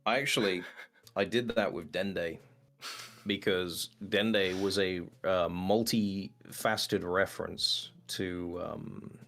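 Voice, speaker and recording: Man, lowish voice, casual interview guest, voice actor, animated storyteller. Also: takes it slowly, faint music behind.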